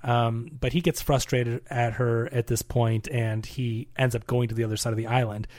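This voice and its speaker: A man's voice: medium pitch, level tone, normal speed, darkish tone, no echo, studio quality. A man casually recapping a movie plot on a podcast, rambling with many fillers. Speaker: podcast co-host.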